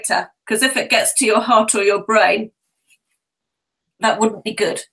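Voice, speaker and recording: A woman's voice: mid-range voice, normal speed, gravelly, a bit bright, low-quality recording. A woman co-hosting a live stream from home, friendly, reading out viewers' names in casual chat.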